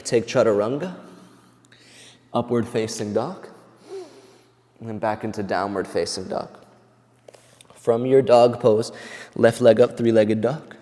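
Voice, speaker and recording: A man leads a yoga class as he works through the poses with his students, calmly counting each hold. He is out of breath from the effort. His voice is mellow and dark, with a long reverb trailing behind it. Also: lowish voice. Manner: calm counting cues, moving along with the class. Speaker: yoga teacher.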